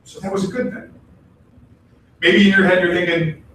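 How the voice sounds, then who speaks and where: Temple minister, male, high pitch, relaxed and animated preacher; recorded from afar in a reverberant hall. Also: normal speed. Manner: animated, acts out quoted voices, chatty asides. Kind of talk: casual conversational sermon. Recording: echoey hall, distant mic, faint noise.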